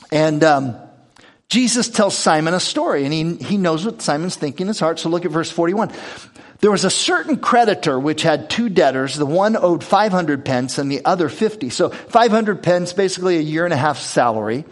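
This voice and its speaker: A man's voice: on the high side, animated, normal speed. A man preaching a sermon, reading scripture aloud and explaining it in a conversational way with rhetorical questions. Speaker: pastor.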